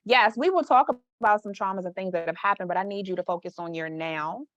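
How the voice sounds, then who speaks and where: A woman's voice: medium pitch, fast talker, a bit bright, dry recording, dull audio. A woman who works as a mindset coach, talking frankly and emphatically as a podcast guest. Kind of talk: casual podcast conversation.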